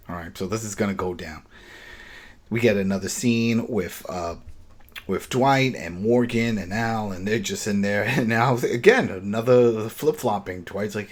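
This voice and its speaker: A man's voice: on the low side, normal speed. A man co-hosting a podcast, casually retelling TV scenes in a loose, chatty way. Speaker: podcast co-host recapping an episode.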